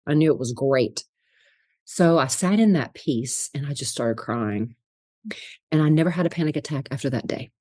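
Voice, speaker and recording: Low-voiced animated woman telling stories. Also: moderate pace, no room sound, clean studio sound. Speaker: interview guest, spiritual psychologist. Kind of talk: storytelling interview.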